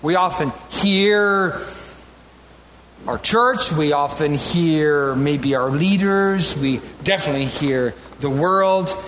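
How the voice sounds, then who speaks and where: A man preaching a sermon as a pastor, animated and rising to emphatic peaks, with conversational asides to the congregation. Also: fairly high pitch, slow, slight background noise.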